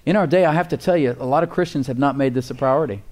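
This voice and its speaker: A male pastor with a mid-range, darkish voice preaches a sermon very fast and emphatically. He repeats words for emphasis and throws in call-and-response asides.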